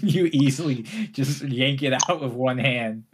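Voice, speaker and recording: An unhurried man narrating a tabletop game as its game master. He is easygoing, calls for rolls in a relaxed way and laughs often between rulings. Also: mid-range voice, background noise.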